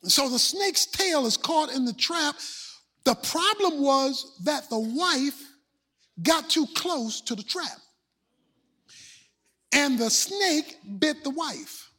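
A man preaching a sermon, telling a story and building to shouts. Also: extremely high pitch, lively intonation, slow, pauses often. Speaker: pastor.

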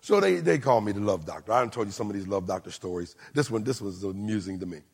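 A man preaching a sermon as pastor, moving between shouted lines and low, quiet asides. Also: lively intonation, fast, gravelly, breathy edge. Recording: long hall reverb.

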